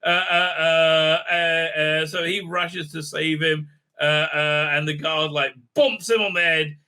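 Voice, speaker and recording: A man's voice: on the high side, steady tone, takes it slowly, pushed and bright, clean tone. A man hosting a casual recap and review, rambling with many fillers and restarts and acting out the characters' lines. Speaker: host.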